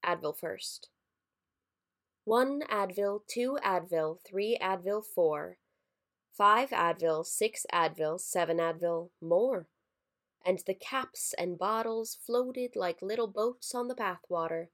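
A woman narrating a scripted horror story in a measured, somber way. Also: medium pitch, a bit bright. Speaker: story reader.

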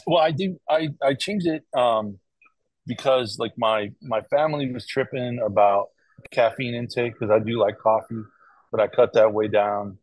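Middle aged american guy, husky low voice, rambly, keeps restarting and going "right?", dry sound. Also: normal speed, a little mellow, no echo, low-quality recording. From United States. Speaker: guest, cardiac arrest survivor. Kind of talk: casual interview talk.

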